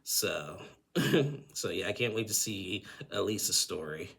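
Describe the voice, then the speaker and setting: Casting: chatty male recap vlogger, low gravelly voice. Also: lively intonation, slow pace, a bit bright. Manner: chatty, acts out the couple's lines in quoted voices. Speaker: YouTube recap host. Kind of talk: casual reality TV recap.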